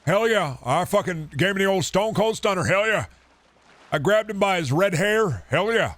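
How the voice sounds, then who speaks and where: A man doing an impression of a brash tough-guy wrestler, bragging with shouted catchphrases. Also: sits high, lively intonation, normal speed, dry recording, voice pushed up. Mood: macho. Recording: game noise behind.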